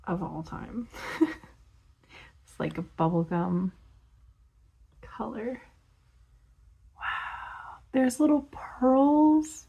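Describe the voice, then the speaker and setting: Very slow-talking giggly young woman. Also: mid-range voice. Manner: slow, giggly, enthusiastic, gasps and soft whispers. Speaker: vlogger. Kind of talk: casual unboxing vlog.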